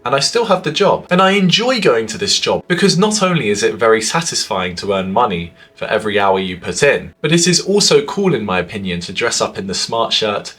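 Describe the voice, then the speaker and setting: A man in his twenties who talks to the camera in an earnest way, giving social advice, with his pitch and loudness swinging widely. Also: lively intonation, brisk, few pauses. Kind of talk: talking to camera.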